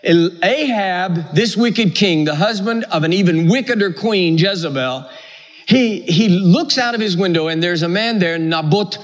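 A man's voice: high-pitched, normal speed. A man preaching a sermon with an emphatic, repetitive cadence. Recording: echoey hall.

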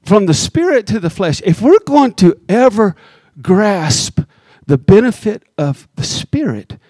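Male pastor, high-ish voice, conversational sermon delivery with slow emphatic beats, dry close recording. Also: darkish tone, no room sound. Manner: conversational preaching, teasing the congregation, slows down for emphasis.

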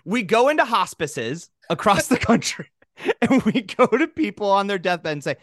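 A man's voice: high-pitched, very animated, normal speed, no room sound, studio quality. A man co-hosting a comedy podcast, riffing in casual chat with profane asides and mock voices. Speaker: podcast co-host.

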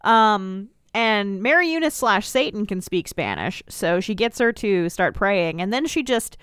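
Podcast co-host, female, animated and giggly, dry close sound. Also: medium pitch, measured pace, clear, resonant tone, no room sound. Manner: animated, giggly, acts out scenes in silly voices. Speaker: podcast co-host recapping a TV episode. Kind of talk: casual chat.

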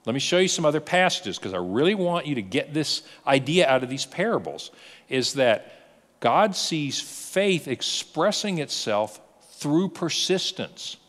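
Male pastor, lively sermon delivery, storytelling, rhetorical questions, expressive up-and-down pitch, reverberant church hall. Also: unhurried.

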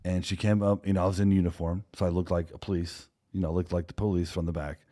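A man's voice: deep voice, little pitch movement, quick pace, dark tone. A man who co-owns a security company, telling a story in conversation and acting out the dialogue of the people in it.

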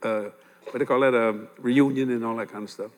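Older preacher in a reverberant hall. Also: male voice, medium pitch, brisk. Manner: lively storytelling, chuckling, repeats key points. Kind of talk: sermon.

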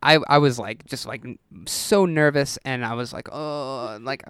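A man's voice: mid-range voice, normal speed, fairly bright tone, smooth, no room sound, studio quality. A young man telling a story in casual chat. He acts out the quotes and laughs partway through sentences.

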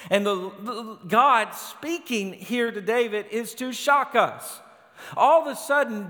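A high-pitched male pastor preaching at an unhurried pace, building to emphatic peaks as he works through the text. His voice rings with the long reverb of a large hall. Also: a bit bright. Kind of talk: sermon.

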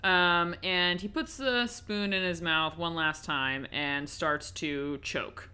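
Bright, crisp-voiced woman recapping a film. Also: lowish voice, takes it slowly. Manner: chatty and conversational, with frequent ums and likes. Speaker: horror movie reviewer. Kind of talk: casual movie recap and review.

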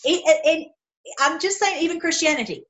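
A woman's voice: very high voice, brisk, fairly bright tone, poor audio. A middle-aged woman talking heatedly in a casual opinion monologue, with frequent restarts. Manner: impassioned, heated, repetitive restarts. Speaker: video commentator.

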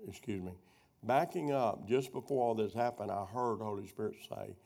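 A middle-aged preacher with a gravelly voice tells homespun stories to teach his class. He rambles, wanders off track and circles back to pick up the thread. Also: mid-range voice, normal speed, darkish tone. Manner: rambling storyteller who loses his thread and doubles back. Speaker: preacher teaching a prophecy workshop. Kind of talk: folksy teaching sermon with personal stories.

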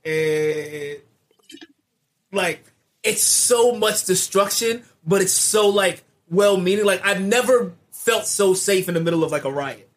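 A man's voice: high-pitched, slow. A man co-hosting a casual podcast, talking animatedly with a lot of "like" fillers. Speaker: podcast co-host. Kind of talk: casual chat.

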